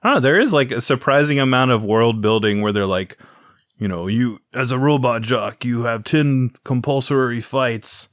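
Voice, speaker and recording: A man co-hosting a podcast, retelling a film plot with lots of quick put-on voices and laughs. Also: mid-range voice, no room sound, clean studio sound. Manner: animated retelling, acts out characters in quick impressions. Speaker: podcast co-host. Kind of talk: casual movie review chat.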